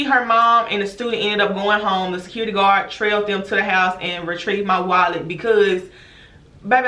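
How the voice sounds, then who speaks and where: A woman, a former teacher, telling a storytime vlog in an animated, emphatic way, speaking straight to her viewers. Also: mid-range voice, reverberant. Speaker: teacher and vlogger.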